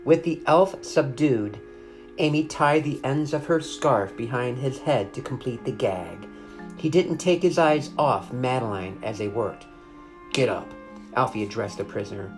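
A narrator reads a children's adventure book aloud, steady and expressive, with a mid-pitched voice. Faint guitar plays quietly underneath. The reading is even and clear. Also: normal speed. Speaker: storyteller.

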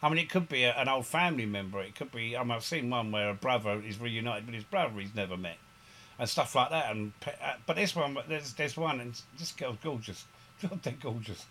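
A man in casual podcast chat, telling stories in a rambling, animated way with frequent restarts. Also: mid-range voice, a little fast, a little hiss or hum.

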